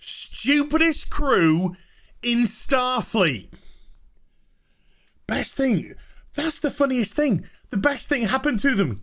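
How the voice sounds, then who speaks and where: A man's voice: very high voice, very animated, takes it slowly, long pauses, a bit bright. A man ranting sarcastically in an exasperated review vlog about a TV episode. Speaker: TV show reviewer.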